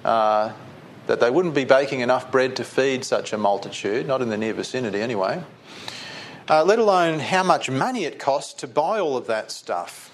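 A man delivers a sermon at a middle pitch and talks it through the way he would in conversation. He keeps asking his listeners questions. A faint noise runs under his voice. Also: expressive, normal speed. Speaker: preacher.

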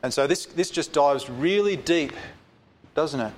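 A man teaching a Bible study, reading scripture slowly and with emphasis, then explaining it in a loose, conversational way. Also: on the high side, lively intonation, slight background noise.

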